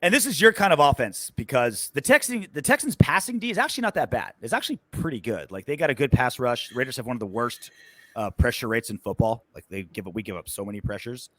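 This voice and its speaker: A man's voice: mid-range voice, sing-song, fast talker, pushed and bright, no room sound. Sarcastic man in sports podcast chat. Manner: loose and sarcastic, with many fillers and swearing. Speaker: podcast co-host.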